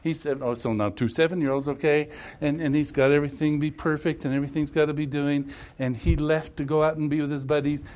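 A man leading a family workshop, coaching a couple in front of a group through animated, emphatic hypothetical scenarios. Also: fairly high pitch, fast talker, hardly any pauses. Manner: repetitive, emphatic phrasing.

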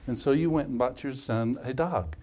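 A man leading a family workshop, coaching a couple in front of a group through animated, emphatic hypothetical scenarios. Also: medium pitch, normal speed. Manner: repetitive, emphatic phrasing.

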